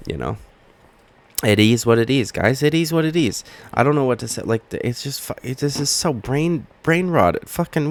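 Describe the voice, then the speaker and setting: A man hosting a heated, profane commentary video, talking straight to his camera as he argues his points. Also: fairly low pitch. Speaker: MMA commentary channel host. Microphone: webcam or camera mic.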